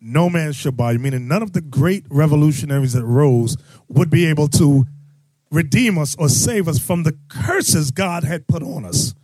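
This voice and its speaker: A man preaching and teaching scripture to a crowd, loud and emphatic, calling out his listeners. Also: on the high side, animated, normal speed, no echo. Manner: loud, emphatic, calls out the audience. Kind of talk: street-style scripture teaching.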